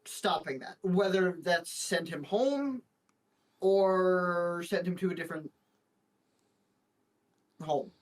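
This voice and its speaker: A man's voice: sits high, slow pace, pauses often. A man playing a tabletop game, talking in a rambling, hesitant way with many restarts. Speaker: player. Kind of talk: casual tabletop game chat.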